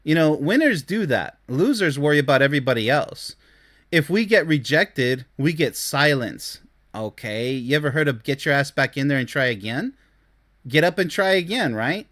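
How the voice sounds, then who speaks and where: A man's voice: on the high side, very animated, moderate pace, a bit bright. A man giving blunt, scornful reaction commentary on dating posts as a relationship commentator, lecturing his listeners.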